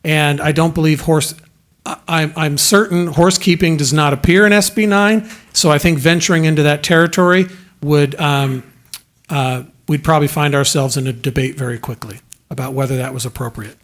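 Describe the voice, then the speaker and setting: A man's voice: a little high, steady tone. A man as city legal counsel, giving careful, precise legal advice at a council meeting. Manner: measured, precise, careful hedging. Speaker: city attorney.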